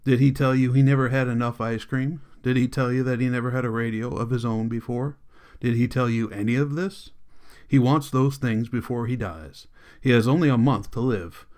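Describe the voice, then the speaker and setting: A man's voice: mid-range voice, a little fast, a little mellow, lightly acted. A man voicing a frustrated young schoolteacher who argues earnestly and with passion. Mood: defiant. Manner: earnest, impassioned arguing.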